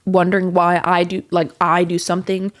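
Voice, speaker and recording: A woman's voice: on the low side, monotone, brisk. A young woman hosting a podcast, telling a candid, rambling story in casual chat with plenty of swearing and fillers. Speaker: podcast host.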